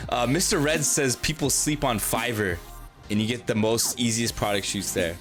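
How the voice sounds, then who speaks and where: A man's voice: mid-range voice, moderate pace, a bit bright, faint music behind. A man hosting a casual livestream interview, rambling and chatty, acting out quotes and talking to his chat. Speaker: livestream host.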